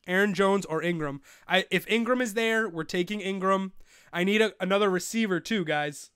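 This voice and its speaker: This is a young man with a high-pitched, clean voice at a normal pace, in clean studio sound with no room sound. As host of a live fantasy football stream he talks casually, gets excitable, swears and rants in frustration.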